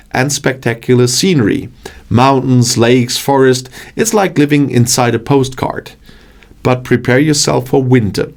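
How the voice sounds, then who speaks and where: A man's voice: medium pitch, darkish tone. A man hosting his channel, reading a scripted narration with a wry, joking delivery. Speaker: channel host.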